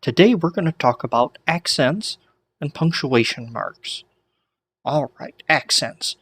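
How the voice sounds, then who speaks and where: A man teaching ancient Greek in a relaxed, chatty lesson, with frequent restarts and small jokes. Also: fairly high pitch, unhurried, husky. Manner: relaxed, many restarts and asides, light joking. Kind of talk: casual whiteboard lesson.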